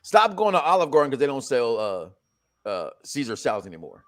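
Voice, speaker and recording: A man's voice: mid-range voice, huge pitch swings, fairly quick. A man hosting a casual reality-show review chat, joking and rambling, often restarting his sentences. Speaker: podcast host.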